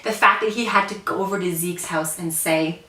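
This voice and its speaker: A woman's voice: on the low side, brisk, sharp tone, reverberant, distant mic, poor audio. A woman co-hosting a TV chat show, recapping episodes earnestly with many restarts and emotional asides. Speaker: podcast co-host.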